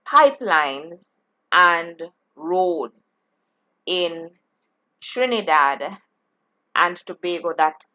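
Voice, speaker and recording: Woman teacher, slow deliberate delivery, bright tone, dull lo-fi audio. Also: fairly low pitch. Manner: slow, deliberate explaining with frequent restarts. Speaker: geography teacher. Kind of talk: exam-prep lesson.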